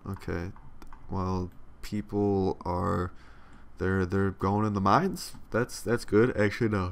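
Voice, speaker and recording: Low gravelly young man grumbling over gameplay. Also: slight background noise. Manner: profane, grumbling, sarcastic. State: yawning, tired. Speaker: let's play commentator. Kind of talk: casual gameplay commentary.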